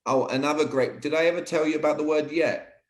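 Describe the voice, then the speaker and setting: Energetic man coaching sales, roomy echo. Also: fairly high pitch, fairly quick. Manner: energetic, emphatic, repeats "all right". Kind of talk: teaching sales techniques in conversation.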